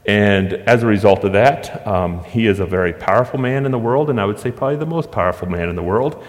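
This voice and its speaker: A man preaching a sermon as pastor, emphatic, with rhetorical questions and dramatic pauses. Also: fairly low pitch, long reverb tail.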